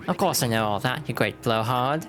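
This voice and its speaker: Streamer playing old bomb gentleman, formal, old-fashioned address, game character. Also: mid-range voice, normal speed, soft background music, lightly acted. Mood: determined. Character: old seafaring Bob-omb gentleman, proper and bold.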